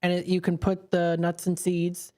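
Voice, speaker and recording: A man's voice: high voice, monotone, normal speed, a little mellow. Easygoing man chatting on radio. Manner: easygoing, short agreeable replies. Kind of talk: casual radio chat. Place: radio studio. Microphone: studio microphone.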